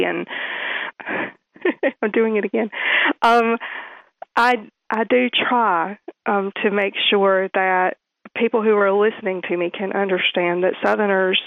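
A woman's voice: mid-range voice, gravelly, dry recording. A woman with a Southern twang, a sustainability worker talking earnestly in an interview, with fillers as she goes. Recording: tinny phone line.

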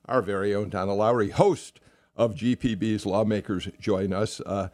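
A man hosting a political radio talk show, speaking in a halting way with many fillers and a wry edge. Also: on the low side, fairly even intonation, a little mellow, dry recording. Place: radio studio.

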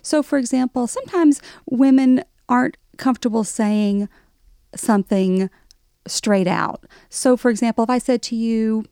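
Middle-aged Southern woman, gravelly low tone, wry humor, dry close sound. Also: moderate pace, dark tone, no echo. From American South, Alabama. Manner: wry, self-deprecating humor. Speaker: author guest. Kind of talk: conversational interview.

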